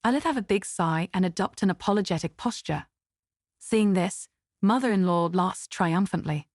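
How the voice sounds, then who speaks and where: A woman narrating a first-person family drama story in an even, steady way. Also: medium pitch, normal speed, dry recording, clean studio sound.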